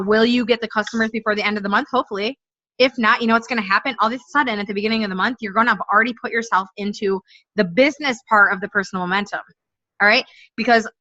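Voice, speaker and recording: A stuffy-voiced woman in her thirties, congested from allergies, leads a network marketing team and gives her sales staff an upbeat, direct pep talk. Her pitch is fairly high and her tone pushed and bright. The lo-fi recording sounds dull and dry, with no room sound.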